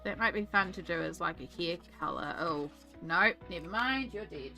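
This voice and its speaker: Speaking over music in a lowish voice at a moderate pace, a young Australian artist and streamer colours at her art desk, chatting casually, thinking aloud and going off on rambling tangents.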